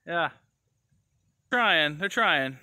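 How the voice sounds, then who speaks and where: A man performing a comedy sketch, trading quick back-and-forth lines and tagging them with "eh". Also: a little high, lively intonation, pushed and bright, no echo, studio quality. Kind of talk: comedy sketch, playing several people in turn.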